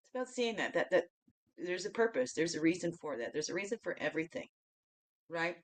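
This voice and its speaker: A woman hosting a daily reflection show, chatting through her spiritual card reading. She keeps asking "okay?", laughs often and swings from loud bursts to soft asides. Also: lowish voice, expressive, fairly quick.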